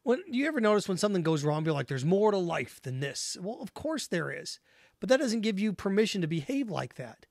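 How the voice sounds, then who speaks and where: A man with a high, bright voice hosts a solo sports talk show. He argues his opinions emphatically and repeats key points to drive them home. The recording is dry and close, with no room sound. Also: big pitch swings, quick pace, gravelly, dry recording.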